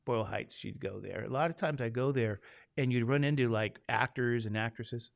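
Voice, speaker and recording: A man's voice: mid-range voice, normal speed, creaky, no echo, studio quality. A man, a statistics instructor chatting casually and jokingly with his class before a lesson. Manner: chatty, joking storyteller, acts out quoted voices.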